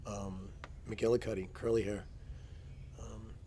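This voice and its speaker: A low-voiced man chatting casually about fights and telling swear-filled stories. He slips into loud, mocking impressions of the people in them. A faint hiss of noise sits under the recording. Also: little pitch movement, slow pace. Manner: profane, storytelling, imitates people loudly. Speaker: jiu-jitsu coach and podcast host. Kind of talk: casual chat.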